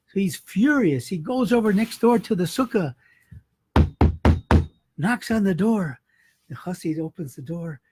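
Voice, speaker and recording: A man's voice: sits high, animated, normal speed, darkish tone, breathy edge, no room sound. A man, a rabbi, telling a holiday story in a folksy, conversational sermon.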